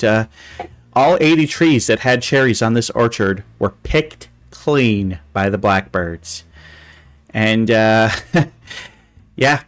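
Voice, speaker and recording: A man hosting a casual livestream chat show, rambling with fillers and restarts and cooing with delight over pictures. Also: mid-range voice. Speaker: talk show host.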